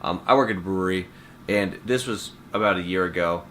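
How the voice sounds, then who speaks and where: A young man from Washington State, co-hosting a podcast, telling a story in an animated, profane way. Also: deep voice, a little fast, a little hiss or hum. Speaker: podcast co-host. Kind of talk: casual storytelling.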